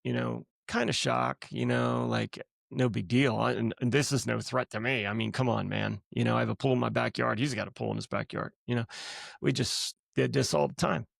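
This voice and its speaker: A middle-aged man with a deeply gravelly, fry-heavy voice tells a personal story in relaxed conversation. He talks casually on a podcast and throws himself into acting out what people said. The sound is dry and close. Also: moderate pace, dry recording. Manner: lively storyteller who acts out quotes. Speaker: guest, the host's husband.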